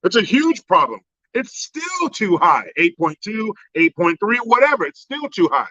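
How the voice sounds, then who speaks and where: A man ranting sarcastically through a profane political monologue. His voice runs high and sharp. It is recorded dry with a slightly dull, lo-fi tone. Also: sing-song, normal speed, no echo. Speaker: host.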